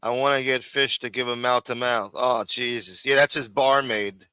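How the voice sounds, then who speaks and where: A man's voice: medium pitch, steady tone, normal speed, bright, forceful tone, smooth, no room sound. A man hosting a live chat show, talking casually and swearing in exasperation. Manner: exasperated, cursing. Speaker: host.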